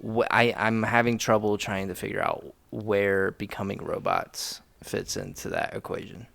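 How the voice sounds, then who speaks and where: A man's voice: on the low side, lively intonation, moderate pace, creaky, a bit bright, no room sound. A young man co-hosting a podcast in loose, laughing casual chat, tipsy and full of playful questions. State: intoxicated. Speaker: podcast co-host.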